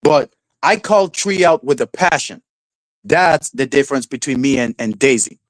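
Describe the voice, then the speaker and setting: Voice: mid-range voice, animated, normal speed, no room sound, rough recording. A streamer host in a casual livestream rant, swearing freely, laughing often and mocking people with silly voices.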